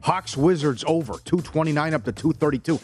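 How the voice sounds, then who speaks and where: Animated man hosting a sports show. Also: brisk, faint music behind. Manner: animated storyteller, jumps in pitch on punchlines. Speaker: sports betting show host. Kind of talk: casual sports talk.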